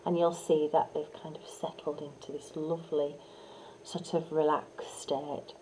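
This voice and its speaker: Woman trainer, calm instructional delivery, unhurried, warm and mellow tone. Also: low-pitched, poor audio. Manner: calm, soothing, with soft demonstration whispers; frequent fillers and restarts. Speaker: hypnotherapy trainer. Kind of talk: instructional teaching talk.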